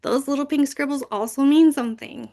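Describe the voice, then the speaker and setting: A woman's voice: high-pitched, brisk, dark tone. A woman giving a training session on reading picture books aloud, breaking into big, playful voices for the characters. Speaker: library youth services manager.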